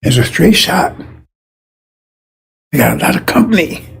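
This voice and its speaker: A man with a high-pitched, gravelly voice preaches in a loose, rambling way. His tone is raspy and husky, and he hammers his points home with repetition. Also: big pitch swings, measured pace. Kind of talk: informal sermon.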